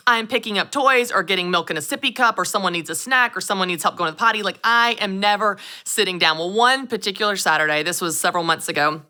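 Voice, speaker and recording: A woman, hosting her own show and telling stories in a lively way. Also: mid-range voice. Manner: animated storytelling, acts out voices. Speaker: show host. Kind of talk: upbeat solo podcast talk.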